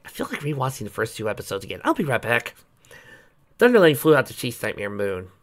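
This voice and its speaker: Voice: mid-range voice, huge pitch swings, quick pace. Brief: casual storyteller reading aloud, breaking off for eager commentary. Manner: chatty, enthusiastic asides. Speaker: fan-fiction reader.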